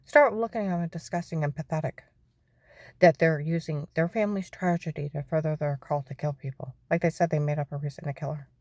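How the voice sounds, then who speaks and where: A woman's voice: low-pitched, fairly quick, a little mellow, no room sound. A middle-aged woman telling her own story in a testimony monologue, keeps asking "okay?" and often drops into a whisper.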